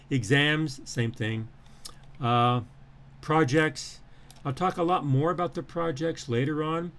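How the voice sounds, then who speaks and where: A male professor going over his syllabus on a live stream, with a voice that sits at an ordinary middle pitch. He rambles, restarts sentences, fills gaps with "uh" and "um", and repeats the same phrases for emphasis. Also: moderate pace. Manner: rambling with frequent fillers and restarts. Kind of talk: live-streamed lecture walking through a syllabus.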